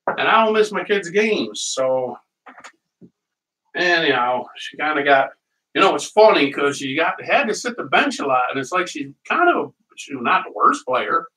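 Bright-voiced man rambling from across the kitchen. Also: a little high. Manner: rambling storyteller, laughs often. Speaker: cooking show host. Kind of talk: casual chat while cooking. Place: home kitchen. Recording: voice heard from a distance.

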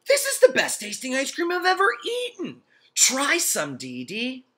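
A man voicing an excited, boastful schoolboy in a high, loud, enthusiastic voice. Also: takes it slowly, exaggerated voice.

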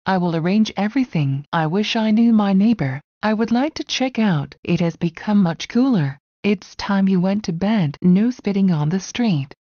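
Lady reading english practice sentences one by one, warm mellow voice, bit dull lo-fi sound. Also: mid-range voice, no room sound. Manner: even, deliberate reading of one sentence at a time. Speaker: English phrase reader.

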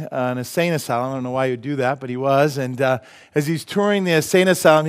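A male pastor preaches a sermon in a church, with a voice a little higher than most men's. He keeps things loose and cracks jokes, laughing at them before he lands the punchline. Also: clean tone. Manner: joking, laughs at his own jokes. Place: church sanctuary.

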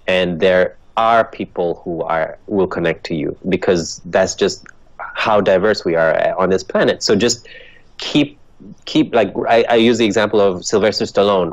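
Man guest, low voice, transatlantic accent, earnest and animated, dull dry recording. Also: normal speed, no room sound. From Ethiopia. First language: Dutch. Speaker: guest, actor and comedian. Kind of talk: motivational interview answers.

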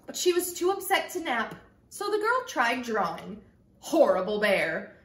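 A woman telling a children's story in an expressive storytelling manner, then talking to kids about it as a church storyteller. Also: high-pitched, normal speed. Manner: expressive, sing-song storytelling. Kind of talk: read-aloud story and children's message. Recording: echoey room.

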